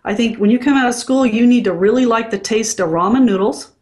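A woman's voice: fairly high pitch, fairly quick, a little mellow. Frank, blunt woman consultant. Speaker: dental consultant. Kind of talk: casual interview.

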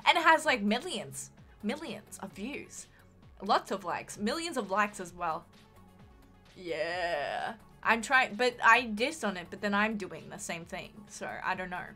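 A woman's voice: mid-range voice, lively intonation, measured pace, bright, forceful tone, soft background music. A young woman with a mild Australian accent, chatting casually on a live stream, swearing freely and reading chat aloud.

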